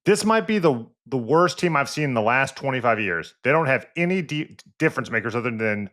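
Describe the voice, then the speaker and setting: A man's voice: mid-range voice, animated, brisk, fairly bright tone. A man, the show's producer, giving brief, matter-of-fact replies in casual chat. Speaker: show producer.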